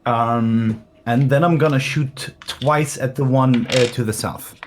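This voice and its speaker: A man playing in a tabletop game session, talking casually and hesitantly, with many pauses and ums. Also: medium pitch, background noise. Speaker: player.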